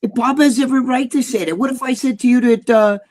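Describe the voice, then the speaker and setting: A man's voice: very high voice, fairly even intonation, quick pace, a little mellow. A man with a New Jersey accent, co-hosting a casual chat, blunt and profane, rambling with lots of fillers. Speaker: bodybuilding personality, co-host.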